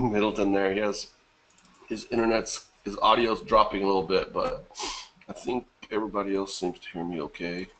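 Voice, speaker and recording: A man's voice: fairly low pitch, flat delivery, moderate pace, a bit bright, a little hiss or hum. A man with a bad cough hosting a live webinar in a casual way, greeting viewers by name from the chat and laughing often. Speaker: webinar host.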